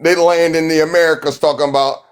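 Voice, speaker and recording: A man with a voice a little higher than most argues heatedly on a live stream. He talks in a mocking, confrontational way and hammers the same phrases again and again. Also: level tone, fast talker, smooth.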